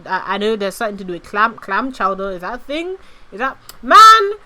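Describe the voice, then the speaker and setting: Woman, VTuber streamer, rambly and giggly, casual swearing, bright crisp tone, chatty livestream delivery. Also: medium pitch, fast talker, a little hiss or hum.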